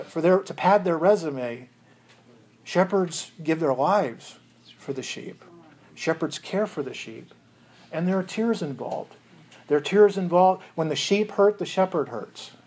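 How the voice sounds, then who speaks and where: A man preaching a sermon as pastor, earnest and chuckling, with frequent restarts. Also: high voice.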